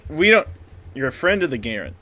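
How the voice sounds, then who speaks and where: A man's voice: on the high side, very animated, fairly quick, bright, forceful tone. A man playing a male constable who acts as a gang enforcer, talking bluntly and with threat. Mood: threatening.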